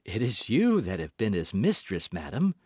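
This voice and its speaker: Male reader's scheming noblewoman: smooth, feigned warmth, lively pitch, dry close mic. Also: moderate pace, no room sound, exaggerated voice. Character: scheming noblewoman, cold, cunning, falsely sweet.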